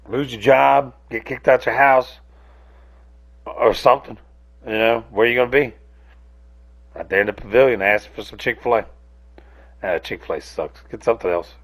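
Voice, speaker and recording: A man with a drawl rants casually as a podcast host, swearing freely and wandering between thoughts. His mid-pitched voice has a gravelly, creaky edge. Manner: rambling, profane, self-interrupting. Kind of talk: casual solo rant.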